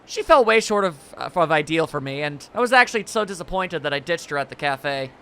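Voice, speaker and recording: A man voicing a lovesick, heartbroken young woman in a video game, reading her lines in a lowered, subdued tone. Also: expressive, a little fast, sharp tone, smooth. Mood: glum.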